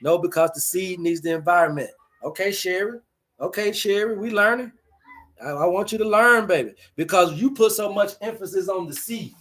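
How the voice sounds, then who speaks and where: Male host, higher voice; preachy, repetitive livestream teacher addressing viewers. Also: moderate pace, a bit bright. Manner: preachy, repetitive, slangy, talks to chat.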